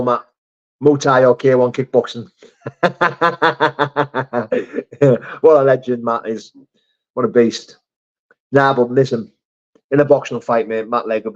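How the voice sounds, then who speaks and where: A man's voice: medium pitch, normal speed, long pauses, a little mellow, muffled recording. A man hosting a casual live stream, reading out chat messages in a blunt, laddish way with swearing and laughter.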